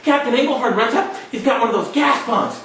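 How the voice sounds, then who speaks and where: Male storyteller, dramatic, shouted sound effects, distant mic, faint background noise. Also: very high-pitched, brisk. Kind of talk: live storytelling performance. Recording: echoey room, mic far off.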